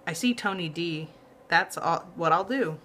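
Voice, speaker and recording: A woman's voice: lowish voice, a little slow, a bit bright, slight background noise. A woman voicing a big, shy teenage boy who speaks politely and earnestly.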